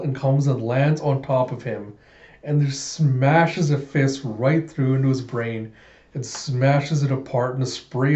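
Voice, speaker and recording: A man reading a comic aloud, telling the story in a casual, animated way. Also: medium pitch. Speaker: comic readthrough host. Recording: echoey room, dull lo-fi sound.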